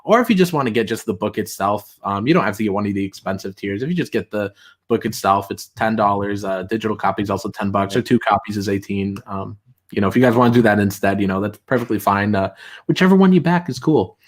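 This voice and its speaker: Male streamer, loose conversational read, mocks quotes in high voices. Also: quick pace. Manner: reads tweets aloud in mocking high voices, laughs often. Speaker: streamer host. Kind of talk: casual livestream chat.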